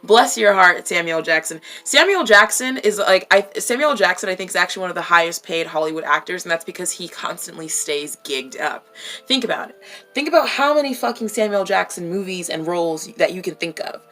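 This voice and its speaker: Woman vlogger, casual and outspoken, crisp bright voice, curses for emphasis. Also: fairly low pitch, lively intonation, fairly quick, soft background music. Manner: blunt, profane, emphatic. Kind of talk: casual chat.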